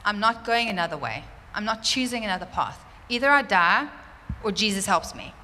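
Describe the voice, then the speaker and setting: A woman telling a church congregation a personal testimony, animated and fervent, laughing often. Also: mid-range voice, normal speed, slight background noise. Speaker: church speaker sharing a testimony. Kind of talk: sermon testimony. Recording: roomy church hall reverb, faint ambience.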